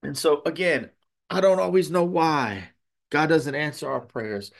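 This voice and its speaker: A man's voice: a little high, unhurried, vocal fry. A man as pastor giving a conversational sermon, tagging his points with "okay?" and telling stories. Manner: tags points with "okay?", storytelling.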